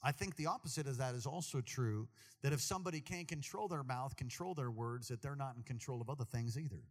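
A man preaching a sermon to a congregation, animated and jokey, talking straight to the people in the church. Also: medium pitch, quick pace, in a large hall. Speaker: pastor.

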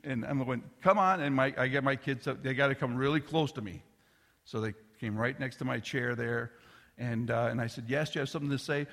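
The long reverb of a big hall surrounds a middle-aged man, a pastor, delivering a sermon a little fast in a mid-range voice. He recounts a family story loosely and conversationally, restarting at times and sometimes dropping almost to a whisper.

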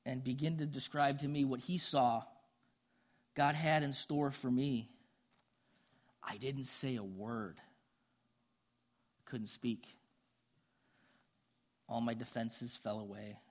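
A man's voice: medium pitch, steady tone, takes it slowly, pauses often. A middle-aged man preaching a sermon, telling a personal story in an earnest, conversational way. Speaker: pastor.

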